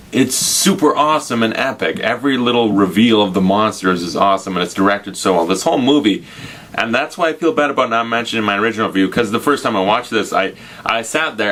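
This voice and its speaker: A man with a very low, deep voice talks through a casual spoiler movie review. He is gushing and enthusiastic, rambling loosely and restarting his sentences as he goes. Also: a bit bright. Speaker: film reviewer.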